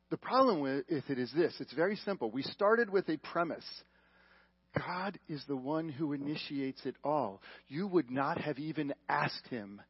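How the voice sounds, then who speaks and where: Pastor, male, high husky voice, dry lo-fi broadcast sound, preaching with sudden drops to a hush. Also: no room sound. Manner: emphatic, swinging from loud questions to hushed lines. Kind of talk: sermon. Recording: dull lo-fi broadcast audio.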